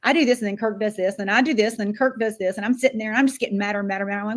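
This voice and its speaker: A woman's voice: mid-range voice, racing. An older woman from Florida giving a motivational speech as a sales director, acting out quoted dialogue. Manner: animated, acts out quoted dialogue.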